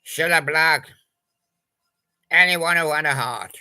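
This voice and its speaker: An older man tells jokes about old pop songs in a slow, meandering way, with plenty of pauses. His voice is gravelly yet bright and forward. He slips into snatches of song and silly puns as he goes. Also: mid-range voice, poor audio. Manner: slow, rambling, punning, with little sung snatches and put-on bits. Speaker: storyteller doing joke monologue about old pop songs. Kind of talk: rambling comic monologue.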